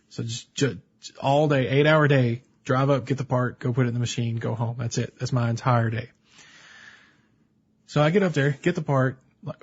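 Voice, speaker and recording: A man's voice: medium pitch, normal speed, slightly rough, highs cut off. Man telling a story in casual chat. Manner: animated storyteller, breaks into laughter. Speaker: podcast co-host.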